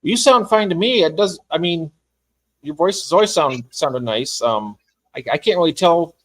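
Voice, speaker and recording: A man who is a guest on a casual livestream, easygoing and rambling, quick to laugh at himself. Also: fairly high pitch, expressive, a bit bright, rough recording. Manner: easygoing, rambling, self-deprecating.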